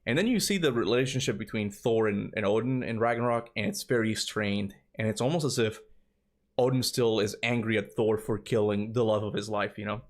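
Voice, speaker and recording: A man in his thirties chatting casually with viewers during a game livestream, excitable and talking straight to his chat. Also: lowish voice, fairly quick. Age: 30s. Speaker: streamer.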